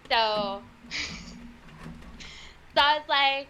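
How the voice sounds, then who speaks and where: A woman's voice: high voice, slow pace, pauses often, pushed and bright, a little hiss or hum, rough recording. A woman guesting on a live stream, chatting casually in a bubbly, giggly way. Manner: bubbly and giggly, lots of "like" and "oh my God".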